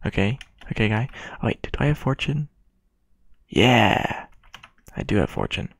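Rambling low-voiced gamer guy. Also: big pitch swings, unhurried, vocal fry, fairly bright tone, breathy edge, no room sound. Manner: rambling and self-mocking, chatting to game characters. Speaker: gaming video creator. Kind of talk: casual gameplay commentary.

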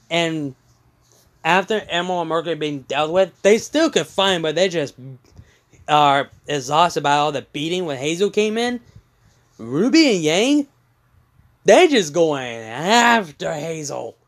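A man casually retelling a fan story, halting with many fillers and restarts. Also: on the high side, fairly bright tone.

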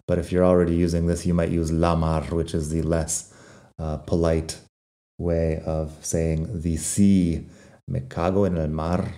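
A man with a low, very dark and mellow voice gives a casual podcast lesson on Spanish slang. He talks in a relaxed, wry way, and his Spanish words carry a non-native accent. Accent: non-native Spanish accent when speaking Spanish. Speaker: Spanish teacher.

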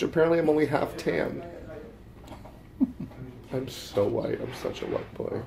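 A young man, an actor, chatting in a behind-the-scenes vlog from a film set, excitable at times and then quiet and reflective. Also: a little high, a little slow, creaky, long pauses.

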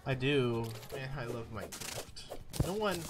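A man streams a game and rambles jokingly to himself, offering casual commentary as he plays. His mid-range voice is animated yet measured in pace, with loud game music playing underneath.

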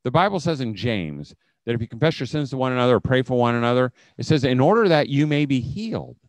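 Speaking fast and expressively in a mid-range voice with no echo, a middle-aged man delivers a conference talk to homeschool leaders. It's conversational, built on stories with acted-out quotes.

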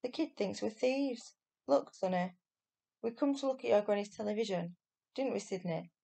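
A shifty grown-up crook, as a woman reads him aloud from a storybook, coaxing a child with slangy cheer before turning to snarls. The voice has a gravelly edge. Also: mid-range voice, normal speed, mellow. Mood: wheedling. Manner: wheedling then snarling, slangy. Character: gruff, sly adult male burglar, turns nasty.

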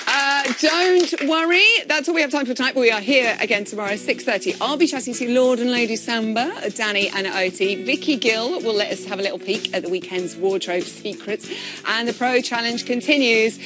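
A woman's voice: fairly high pitch, over music. A woman hosting a TV dance chat show, bubbly and gushing, chatting with her guests. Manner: bubbly, gushing, quick asides. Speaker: TV show host. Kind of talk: chatty interview.

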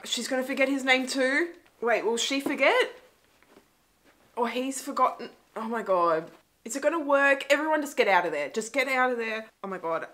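A woman's voice: sits high, expressive, normal speed, fairly bright tone. A woman hosting a movie reaction, talking emotionally and exclaiming over what she sees. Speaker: host. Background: film audio and music.

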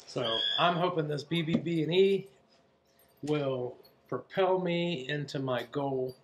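A man chatting casually at home on a diet vlog, relaxed and rambling. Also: fairly high pitch, slow pace, background noise. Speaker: co-host of a keto vlog channel. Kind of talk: casual chat.

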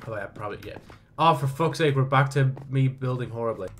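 A young man commentating his own video game play, swearing often and jumping from low muttering to sudden yelps. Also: fairly quick, a bit bright, slight background noise. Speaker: gaming channel host. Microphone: desk mic with audible mouse clicks.

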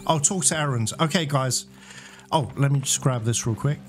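A man giving excited gameplay commentary to viewers, exclaiming and out of breath. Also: medium pitch, moderate pace. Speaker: let's play gamer. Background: game music.

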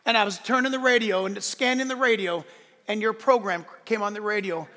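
A man preaching a sermon with a high, bright, forceful voice. He swings between loud emphatic shouts and soft asides. The sound rings with long reverb from a large church sanctuary. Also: steady tone, fairly quick. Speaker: pastor.

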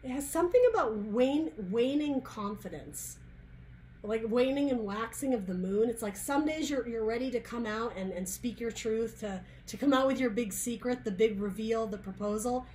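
A woman's voice: fairly high pitch, moderate pace, darkish tone, a little hiss or hum. Chatty woman giving a tarot reading. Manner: chatty and searching, many restarts and asides. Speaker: tarot reader. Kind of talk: casual tarot reading monologue.

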